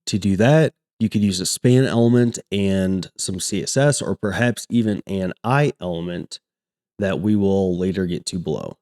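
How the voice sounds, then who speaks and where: A man explaining a coding topic step by step, reading example sentences aloud in a steady teaching manner. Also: sits low, normal speed. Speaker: coding tutor. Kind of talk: screen-recorded coding lesson.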